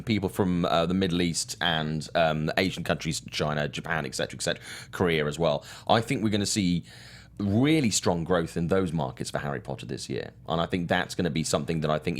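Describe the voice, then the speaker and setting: A man co-hosting a casual movie news podcast, musing through his points. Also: deep voice. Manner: animated, musing, talks through points with repeated phrases. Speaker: co-host.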